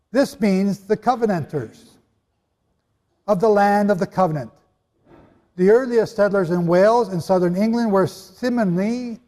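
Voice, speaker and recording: A high-voiced man with a dark tone gives an emphatic, sermon-style Bible talk to a live audience in a hall, where a long echo trails his words. He leans on rhetorical questions and tosses in joking asides.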